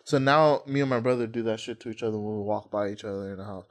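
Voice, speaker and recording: A young man hosting a casual chat, telling animated stories with crude slang and laughing easily. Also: mid-range voice, quick pace. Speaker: podcast host.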